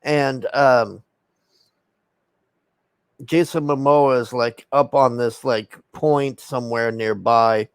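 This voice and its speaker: A man's voice: medium pitch, fairly even intonation, slow, long pauses, clear, resonant tone, no echo. Rambling, profane man recapping a film. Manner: rambling and profane, with many fillers and acted-out quotes. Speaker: film reviewer.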